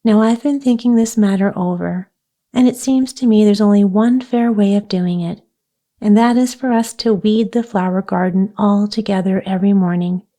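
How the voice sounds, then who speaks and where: A woman voicing a bossy, practical young girl who takes charge, speaking briskly and with emphasis in a storybook reading. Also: medium pitch, mellow, lightly acted. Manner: brisk, emphatic, a little scornful.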